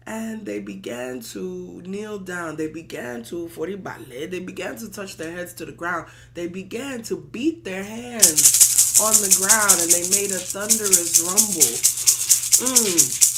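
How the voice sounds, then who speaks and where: A woman's voice: on the low side, a bit bright. A woman priestess leading a worship service, telling a sacred story in rhythmic, repetitive preaching. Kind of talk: storytelling sermon.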